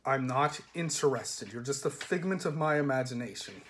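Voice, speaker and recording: A man's voice: mid-range voice, expressive, normal speed, fairly bright tone, a little hiss or hum, lightly acted. A man voicing a cool, aloof young woman who speaks curtly. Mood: cold. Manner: cold, curt.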